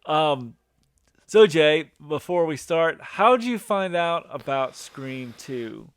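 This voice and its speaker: A man in his thirties hosts a relaxed podcast chat and rambles along as he talks. His voice is smooth and resonant. The sound is dry and close. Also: on the high side, slow pace, dry recording. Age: 30s. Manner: rambling, with many restarts and fillers. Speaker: podcast host. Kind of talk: casual chat.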